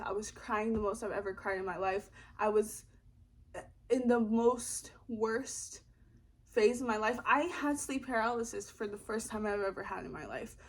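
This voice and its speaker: A young woman vlogging from her apartment, telling a story casually, rambling and swearing freely. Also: on the high side. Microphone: camera in front of her.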